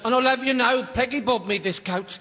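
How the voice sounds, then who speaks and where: A man's voice: very high-pitched, a little fast, long reverb tail, heavy background noise. A confused henpecked old man. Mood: pleading.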